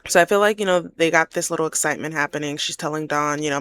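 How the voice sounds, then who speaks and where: A woman's voice: sits low, very fast, few pauses, fairly bright tone, clear, resonant tone. A young woman giving casual, chatty commentary while playing a life-sim game, often correcting herself. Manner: chatty, self-correcting, laughs easily. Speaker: game streamer.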